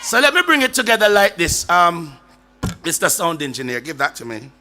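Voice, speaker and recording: A man giving a graduation speech, shouting call-and-response lines and breaking into song. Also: on the high side, expressive, moderate pace. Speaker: graduation speaker. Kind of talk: motivational speech with singing. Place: school graduation ceremony. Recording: loud live choir and band behind.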